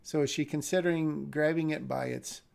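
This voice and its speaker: On a live stream, a man reads a screenplay aloud and critiques it, thinking out loud and restarting hesitantly. His voice sits on the high side with a creaky, slightly mellow quality. His intonation stays fairly even and his pace is moderate.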